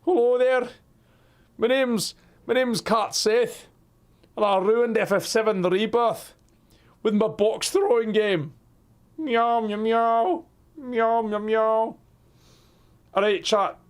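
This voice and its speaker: A man's voice: high-pitched, slow pace, long pauses, clear, resonant tone, voice pushed up. A man voicing his male house cat in a raised, sing-song voice, meowing between lines. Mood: playful. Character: grumpy-faced male house cat introducing himself.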